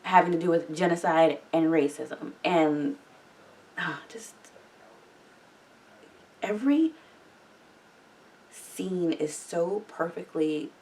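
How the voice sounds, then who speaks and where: A woman's voice: fairly low pitch, expressive, slow pace, pauses often, darkish tone, recorded from a distance, a little hiss or hum. A woman hosting a reaction video, chatting casually and rambling with lots of filler words.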